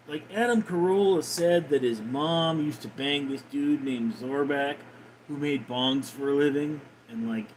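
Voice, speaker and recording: Guy putting on a mellow hippie stoner, slow drawl, soft faint hiss behind. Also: on the high side, low-quality recording. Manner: drawling, peppered with "man" and "like". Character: laid-back mellow male hippie stoner.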